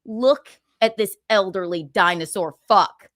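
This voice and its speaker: A woman's voice: medium pitch, a little slow, fairly bright tone, dry recording, clean studio sound. A woman in her thirties hosting a livestream, giving casual gossip commentary with sarcastic, profane asides and laughter. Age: 30s. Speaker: livestream host.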